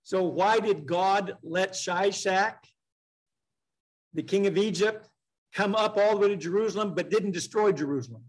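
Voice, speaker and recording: A man with a fairly high voice leads a midweek Bible study in a church classroom. He talks in a plain conversational way, slowing down to read scripture passages aloud and putting questions to his class. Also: low-quality recording. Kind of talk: casual Bible study teaching.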